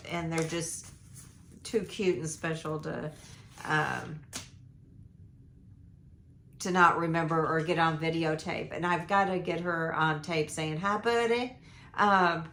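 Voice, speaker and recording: An older woman, hoarse from losing her voice, rambling through a casual life update with lots of ums and restarts. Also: deep voice, steady tone, measured pace, fairly bright tone. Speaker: vlogger. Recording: echoey room.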